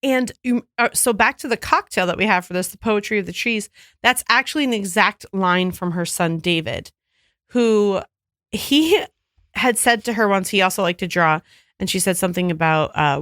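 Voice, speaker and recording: A woman co-hosting a casual podcast chat, telling stories with lively acted-out quotes. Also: medium pitch, moderate pace, no echo, studio quality. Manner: animated storyteller who acts out quoted voices. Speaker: podcast co-host.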